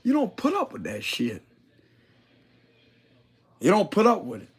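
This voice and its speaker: A man with a high voice that swoops up and down gives a loose, unscripted tarot reading. He talks in blunt, profane slang with a lilt and breaks into laughs as he goes. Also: huge pitch swings, unhurried, husky. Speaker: tarot reader. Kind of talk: casual tarot reading monologue.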